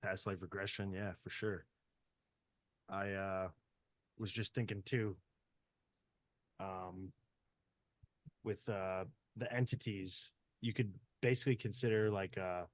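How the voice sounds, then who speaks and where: A man's voice: sits low, steady tone, takes it slowly, long pauses, dry recording. A man hosting a podcast in casual chat, rambling with lots of fillers. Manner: rambling, many fillers, trails off softly. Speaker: podcast host.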